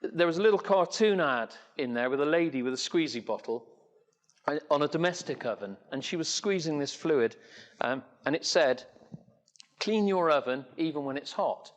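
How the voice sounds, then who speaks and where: A man's voice: a little high, expressive, normal speed. An older man from England telling a long story to an audience as an entrepreneur speaker, rambling, with many fillers and restarts. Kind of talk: anecdotal talk to an audience.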